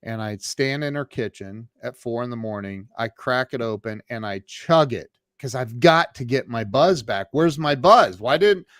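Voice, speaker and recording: A man's voice: medium pitch, animated, normal speed, few pauses, a bit bright, no room sound, clean studio sound. A man from the United States, a guest on a remote call, telling a personal story with many restarts and fillers. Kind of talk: storytelling in an interview.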